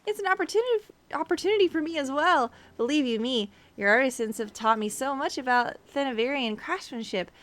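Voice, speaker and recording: A woman voicing a small, eager young female shopkeeper, gushing and excited. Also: high voice, brisk, few pauses, voice pushed up.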